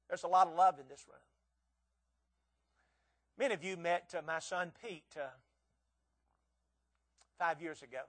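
In a high voice, a man in his sixties preaches as a guest, earnestly pleading with the congregation. He frequently stammers and doubles up words while driving his message home.

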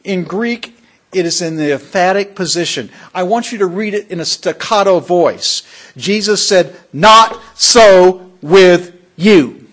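This preacher has a fairly high voice and an expressive, emphatic, pastoral delivery at a normal speed. He hits key words hard and puts questions to his congregation throughout the sermon.

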